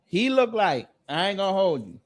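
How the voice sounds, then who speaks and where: A man hosting a commentary video, roasting someone with slangy, deadpan jokes. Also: high voice, normal speed. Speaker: host.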